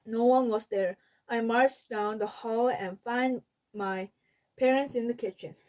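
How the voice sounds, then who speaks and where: A woman, a native Korean speaker, reads a children's book aloud in English at a slow, deliberate pace. Her voice sits fairly high and every word is placed with care. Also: steady tone, a little mellow, low-quality recording.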